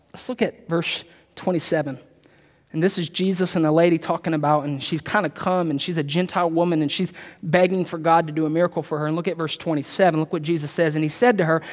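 Emphatic preacher in a reverberant hall. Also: male voice, fairly high pitch. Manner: emphatic, repeats key points, slows to read scripture. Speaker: pastor. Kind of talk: sermon.

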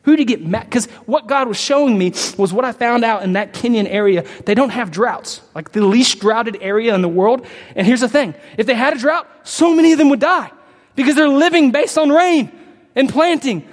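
High-voiced young man preaching in a hall. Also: moderate pace. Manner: impassioned storytelling, rising to near shouts. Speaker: pastor. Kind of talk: sermon. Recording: reverberant hall.

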